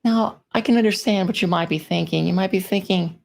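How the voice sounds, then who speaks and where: A woman's voice: on the low side, a little fast, creaky, hardly any pauses, a little mellow. A woman giving a presentation on plain writing, in a friendly, informal way, reading out example sentences. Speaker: conference speaker.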